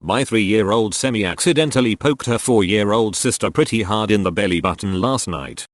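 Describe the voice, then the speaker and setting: A man reading short anecdotes aloud in a steady, matter-of-fact way. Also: lowish voice, moderate pace, no room sound, studio quality. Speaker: narrator reading online posts.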